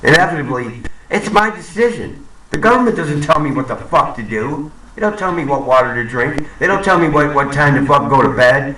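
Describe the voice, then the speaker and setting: A man's voice: on the high side, sharp tone, echoey room, distant mic, a little hiss or hum, poor audio. A man ranting angrily to camera, swearing and repeating himself, in a profane monologue. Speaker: vlogger. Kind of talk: profane conspiracy rant to camera.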